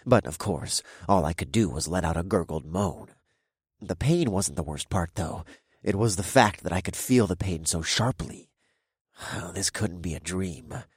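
A young man narrates a first-person audiobook with a wry, casual, swearing tone. His voice sits low and husky. The recording is dry and close. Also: expressive, unhurried, no echo.

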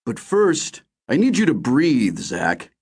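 A man voicing a mild-mannered middle-aged man who speaks calmly and soothingly. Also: medium pitch, normal speed. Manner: soothing, patient.

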